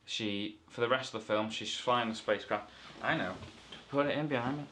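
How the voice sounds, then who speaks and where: A man's voice: medium pitch, fairly quick, pushed and bright, a little hiss or hum. A man from the north of England giving a rambling, playful comic movie review full of self-corrections.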